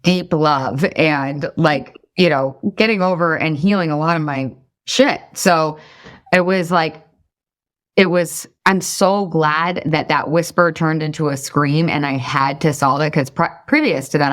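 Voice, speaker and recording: A woman's voice: low voice, measured pace. A mother talking as a podcast guest in a candid, confessional way, swearing casually.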